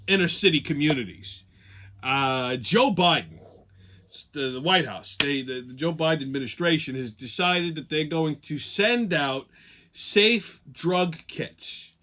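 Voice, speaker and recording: A man's voice: on the high side, animated, a little slow, bright, forceful tone, slight background noise. A man hosting a weekly show, ranting sarcastically and profanely. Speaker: host. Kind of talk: profane comedic rant.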